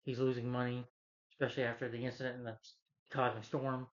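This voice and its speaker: A man's voice: mid-range voice, level tone, quick pace, lo-fi sound. A man giving a casual movie review, rambling through the plot with lots of "you know" and "he's like". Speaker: film reviewer.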